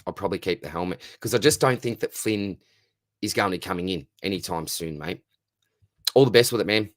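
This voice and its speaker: A man's voice: low-pitched, fairly quick, no room sound, clean studio sound. A man with an Australian accent hosting a casual live stream Q&A, reading out chat questions and answering them in a friendly, matey way.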